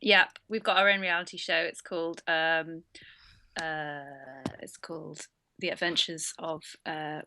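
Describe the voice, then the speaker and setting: A woman, a guest musician, chatting casually with sarcastic, deadpan jokes. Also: sits low, unhurried, clear, resonant tone. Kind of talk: casual interview chat.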